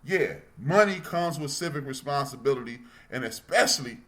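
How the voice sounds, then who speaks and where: A man's voice: mid-range voice, moderate pace. A man, hosting a podcast and talking in a casual, preachy monologue that jumps around and repeats itself, while his back hurts. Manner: animated, preachy, repeats himself. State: back pain. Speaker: podcast host.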